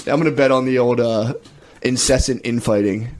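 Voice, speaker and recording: A man's voice: mid-range voice, steady tone, normal speed, darkish tone. A man co-hosting a comedy podcast in casual chat, rambling and acting out quoted voices between laughs. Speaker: podcast co-host.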